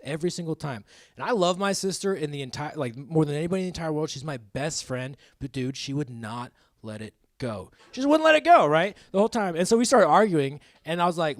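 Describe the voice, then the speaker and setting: A man's voice: on the high side, lively intonation, quick pace, no room sound, studio quality. A man in his thirties doing a stand-up comedy set on a club stage, rambling and self-mocking, laughing at his own jokes. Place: comedy club stage before a live audience.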